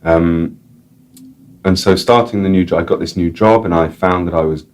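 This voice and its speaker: Deep-voiced man, rambling and chatty. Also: normal speed, darkish tone. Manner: rambling, repeats words, many "like"s. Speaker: author and editor, interview guest. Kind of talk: casual chat and reading aloud.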